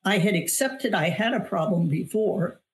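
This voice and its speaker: This middle-aged woman has a medium-pitched voice with lively intonation and a moderate pace. As an author and weight loss coach guesting on an interview show, she gives an earnest, emphatic personal testimony, frequently repeating phrases for weight.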